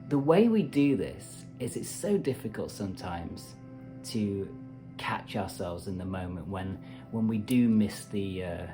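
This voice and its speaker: A man hosting a meditation channel, talking casually and animatedly to camera with playful asides. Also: fairly low pitch. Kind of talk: casual self-help talk to camera.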